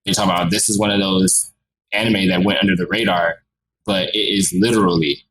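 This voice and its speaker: A young man co-hosting a podcast in a relaxed, casual way, calling his friends "bro" and "my guys". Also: low voice, brisk, rough recording. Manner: laid-back, says "bro" and "my guys". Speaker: podcast co-host. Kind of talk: casual chat.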